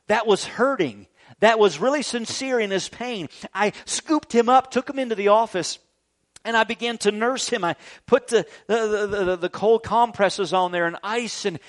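A man in his thirties preaching a sermon as a pastor, earnest, swinging from loud urging to soft, tender tones. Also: high voice. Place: church grounds.

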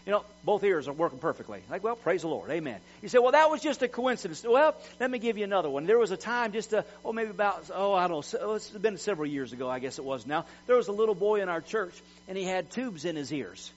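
A man's voice: high voice, animated, fast talker, hardly any pauses. A middle-aged man preaching a sermon in an emphatic, folksy way, repeating words as he tells personal stories. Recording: dull lo-fi recording with mains hum.

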